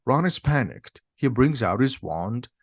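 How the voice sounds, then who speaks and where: A man narrates a simplified audiobook in a steady, plain reading. His voice sits at an ordinary middle pitch. The recording is dry and close. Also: unhurried, breathy edge, no echo. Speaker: reader.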